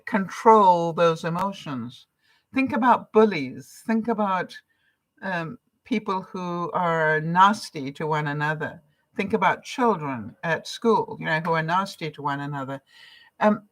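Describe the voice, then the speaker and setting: Woman, older, from Canada, vlogger, casual live-stream chat, encouraging, chatty. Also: mid-range voice. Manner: chatty and encouraging, with frequent laughs.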